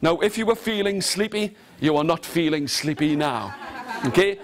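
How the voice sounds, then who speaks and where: A man's voice: fairly high pitch, normal speed. A man leading an interactive storytelling workshop for teachers, telling a folk tale in a theatrical way and getting the audience to join in with actions and repeated lines. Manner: animated and theatrical, leading the audience in call-and-response. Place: large room with a live audience.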